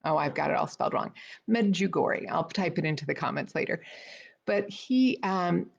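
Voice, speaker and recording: A middle-aged woman talks straight to her viewers in a relaxed, storytelling way, full of fillers and restarts. Her voice has a gravelly, fried texture. The sound is slightly dull and lo-fi. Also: lowish voice, normal speed. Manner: chatty, with frequent fillers and restarts. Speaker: speaker trainer hosting a weekly live video. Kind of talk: casual spoken storytelling.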